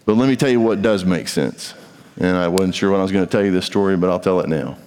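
A man's voice: low-pitched, fast talker, a little mellow, clear, resonant tone. A male pastor preaching a sermon with emphatic delivery, acting out the voices of imagined speakers. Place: large church sanctuary. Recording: reverberant hall.

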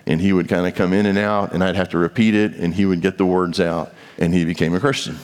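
This pastor's voice sits low and smooth, with a level tone, and he talks fast. Preaching emphatically in a large church sanctuary, he voices imagined speakers, and the hall's reverberation carries through the recording.

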